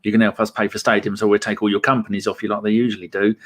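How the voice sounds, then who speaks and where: A man's voice: fairly low pitch, level tone, racing, fairly bright tone. A man hosting a podcast in casual chat, laughing often and reading viewer messages aloud. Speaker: podcast host.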